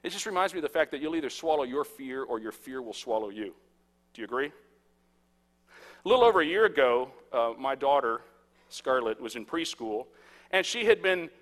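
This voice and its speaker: Bright-voiced man preaching in a hall. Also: mid-range voice, moderate pace, long pauses. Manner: storytelling with lively swings from hushed to loud. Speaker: pastor. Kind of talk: sermon. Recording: echoey hall.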